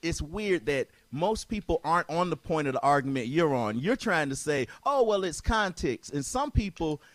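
A man hosting a talk show makes his case insistently, repeating himself and cutting in on the other voice. His voice sits a little high. The sound is dry, with no room echo. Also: big pitch swings, normal speed, a bit bright. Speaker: podcast host. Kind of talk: heated debate.

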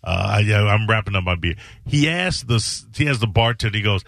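A man's voice: fairly low pitch, animated, fairly quick, vocal fry, fairly bright tone, no echo, clean studio sound. A man hosting a talk show, joking and self-mocking as he tells a story, losing his voice. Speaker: podcast host. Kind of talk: casual chat.

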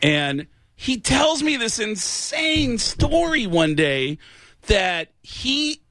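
A man's voice: very high voice, very slow, no room sound. A middle-aged male comedian telling stories casually into a studio mic, full of voices. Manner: animated, does many voices. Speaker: comedian guest. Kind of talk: casual storytelling.

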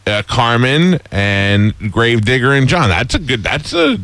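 A man's voice: mid-range voice, sing-song, unhurried, fairly bright tone, no room sound. A man hosting a radio show, joking and telling stories in casual banter, with lots of fillers. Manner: joking, storytelling, many fillers. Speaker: radio host.

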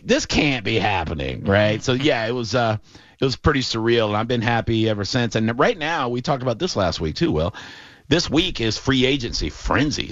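Animated man telling stories on a sports show. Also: mid-range voice, no echo. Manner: animated storyteller, many fillers. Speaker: radio show host. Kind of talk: casual sports talk. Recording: dull, lo-fi and dry.

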